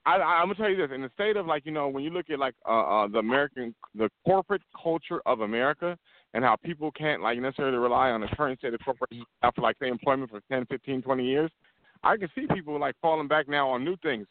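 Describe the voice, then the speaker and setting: A man's voice: medium pitch, fast talker, no echo. A man hosting a casual debate chat, who stammers and restarts his sentences in a rush. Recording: tinny phone-like sound.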